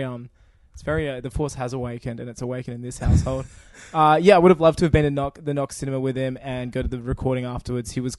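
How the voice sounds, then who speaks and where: A man's voice: mid-range voice, a little mellow, no room sound, clean studio sound. A young man co-hosting a casual late-night podcast chat, rambling and stuttering with frequent laughs. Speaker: podcast co-host.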